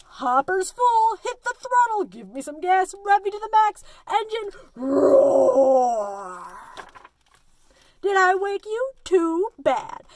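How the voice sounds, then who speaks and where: A woman reading a picture book aloud and voicing a boastful, hungry garbage truck that talks in bold, drawn-out lines. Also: very high-pitched, big pitch swings, a little mellow, pitched above the performer's own voice, heavily acted. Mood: boastful, gleeful.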